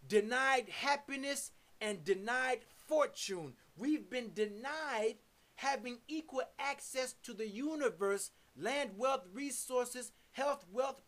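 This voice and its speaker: A woman with a voice on the high side preaches a sermon, stressing words and syllables and repeating lists of terms as she works through scripture.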